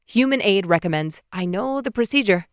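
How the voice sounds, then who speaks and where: A woman voicing a composed, matter-of-fact man in an audiobook, speaking in measured lines. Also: mid-range voice, lively intonation, clear, resonant tone, no echo, clean studio sound, lightly acted. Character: calm composed man, the ex-husband.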